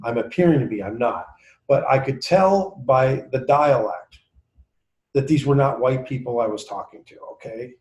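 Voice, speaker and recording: A man with a New York accent leads a group session and spins long anecdotes, slipping into voices for the people he quotes. His voice sits at an ordinary middle pitch. The room around him adds a noticeable echo. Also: animated, moderate pace, a little mellow, lo-fi sound. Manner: talkative, acts out quotes in voices. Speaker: sales trainer. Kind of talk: casual storytelling to a group. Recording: roomy echo.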